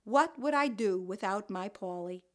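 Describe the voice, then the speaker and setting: A woman's voice: mid-range voice, lively intonation, measured pace, a bit bright. A woman voicing an older, fussy and fretful mother with a Brooklyn accent, telling her story in the first person with wry, complaining asides. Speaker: narrator.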